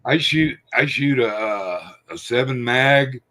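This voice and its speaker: A man's voice: medium pitch, expressive, slow pace, bright, forceful tone. A man telling a hunting story in casual chat, folksy and repetitive. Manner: folksy storyteller, acts out quoted people.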